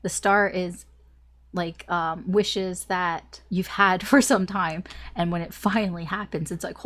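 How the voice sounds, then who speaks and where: A woman's voice: lowish voice, fairly even intonation, a little slow, a bit bright. Chatty young woman reading tarot. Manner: chatty, rambling, full of "like" and little laughs. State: a little choked up, coughing. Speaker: tarot reader. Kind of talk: casual tarot reading to camera.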